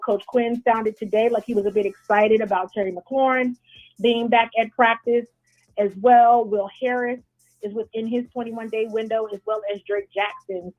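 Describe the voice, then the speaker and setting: A woman with a fairly high voice talks as a sports reporter on a radio show. She chats loosely, with plenty of "um" and "you know". Her voice comes through a dull, lo-fi remote line. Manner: chatty, with many fillers. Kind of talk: casual radio interview.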